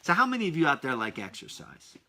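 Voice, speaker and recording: His pitch runs fairly high and swings hugely, at a quick pace and with a sharp tone. A man in his thirties hosting a children's podcast, he chats with excited, upbeat energy straight to his young listeners.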